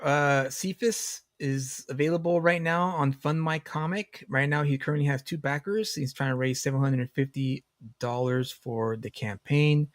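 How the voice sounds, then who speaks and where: A man's voice: fairly high pitch, normal speed, no room sound, clean studio sound. Easygoing man hosting a livestream. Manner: easygoing, stumbling restarts. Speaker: host. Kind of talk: casual livestream chat.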